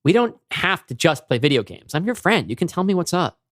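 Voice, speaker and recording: A man voicing a gentle, caring boy who gently reassures a friend over a game headset. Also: fairly high pitch, sing-song, fairly quick, no room sound, studio quality, pitched above the performer's own voice. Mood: concerned. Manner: soft reassuring. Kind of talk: podcast story reading.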